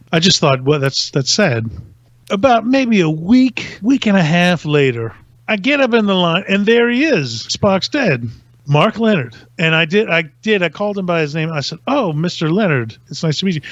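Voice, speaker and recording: A man hosting a podcast, telling a casual story in an animated way with lots of laughter. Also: fairly high pitch, dry recording, muffled recording. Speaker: podcast host.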